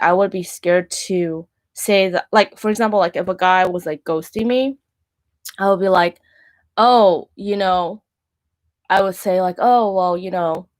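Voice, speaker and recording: A woman in her thirties, the show's host, talking candidly about faith and dating and leaning often on "like". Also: mid-range voice. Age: 30s. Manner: candid, heavy use of "like". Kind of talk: personal faith talk.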